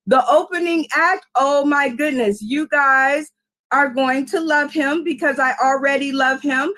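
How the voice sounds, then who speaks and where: High-voiced slow-talking woman host. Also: a bit bright. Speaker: show host. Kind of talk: live show hosting.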